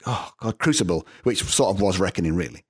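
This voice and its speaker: A middle-aged man with a Northern English accent, telling animated stories with frequent laughs as a guest in a casual interview. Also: low-pitched, brisk, slightly rough. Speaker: guest composer.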